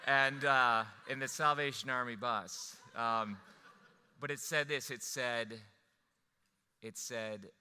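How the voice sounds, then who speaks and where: A man telling a personal story to an audience, animated and rambling, with restarts. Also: medium pitch, slow, clean tone, long reverb tail. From Wisconsin.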